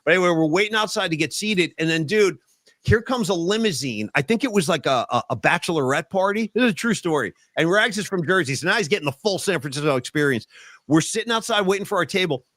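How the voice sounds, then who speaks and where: A man hosting a podcast, telling stories in a casual, animated way and acting out his own yelling. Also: high-pitched, quick pace, no echo, studio quality. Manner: animated storytelling, acts out yelling. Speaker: podcast host. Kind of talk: casual chat.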